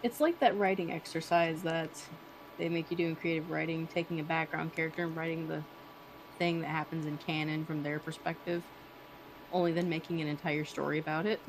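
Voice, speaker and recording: A woman's voice: low voice, steady tone, brisk, a little hiss or hum, low-quality recording. A young adult woman chatting casually during an art stream, laughing often and teasing playfully. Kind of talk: casual chat while drawing on stream.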